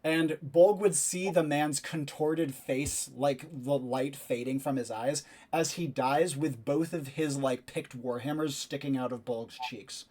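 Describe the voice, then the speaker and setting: A man's voice: mid-range voice, measured pace, few pauses, darkish tone. A man narrating a tabletop role-playing game as game master, describing the action with many fillers.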